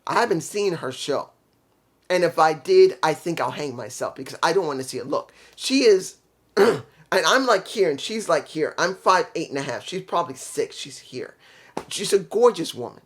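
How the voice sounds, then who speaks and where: A man talks through a wrestling review in a casual, blunt way. His voice sits a little higher than most men's, and he hammers each point home and repeats it for emphasis. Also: expressive, moderate pace, fairly bright tone, slightly rough. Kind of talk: casual opinionated review monologue.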